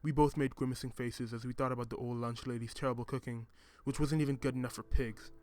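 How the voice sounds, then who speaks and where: A man reading a first-person story in a measured, reflective way. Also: medium pitch, steady tone, darkish tone. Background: music.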